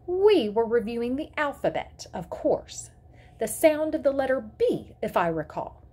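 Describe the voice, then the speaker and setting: Woman reading as a stuck-up teacher lady, prim and superior, breathy and up-and-down. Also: medium pitch, big pitch swings, moderate pace, a little mellow. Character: prim condescending woman schoolteacher.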